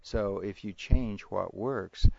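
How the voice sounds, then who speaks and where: A middle-aged man, a parenting educator, answering interview questions in a halting way, with restarts and chuckles. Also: lowish voice, vocal fry, dark tone, a little hiss or hum. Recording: dry, muffled lo-fi recording.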